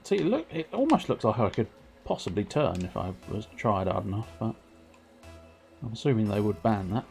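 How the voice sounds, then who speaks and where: A man giving excitable, self-mocking running commentary on his own gameplay while streaming, sometimes turned away from his microphone. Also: lowish voice, moderate pace, vocal fry, breathy edge, faint music behind. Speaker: livestreamer. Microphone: desk microphone, sometimes turned away.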